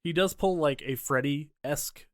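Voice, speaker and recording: A man's voice: fairly high pitch, no room sound, clean studio sound. A man co-hosting a podcast, recapping a horror movie in casual, profane, sardonic chat. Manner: profane, sardonic recapping with quick voices for characters. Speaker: podcast co-host.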